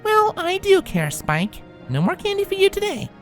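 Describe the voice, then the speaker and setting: A prim, bookish young mare with a precise, slightly impatient way of speaking, as a woman acts her out. Her voice sits far higher than a grown woman's. It swings widely in pitch. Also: huge pitch swings, normal speed, soft background music, full character voice. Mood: fond. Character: young female unicorn, prim, bookish, exasperated. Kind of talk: fan fiction reading.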